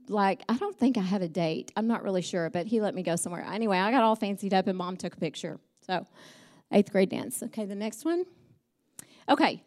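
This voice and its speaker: A woman's voice: medium pitch, darkish tone. Middle-aged woman at church, telling stories about her father in a chatty, heartfelt way with frequent ums. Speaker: church speaker. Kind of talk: personal storytelling message.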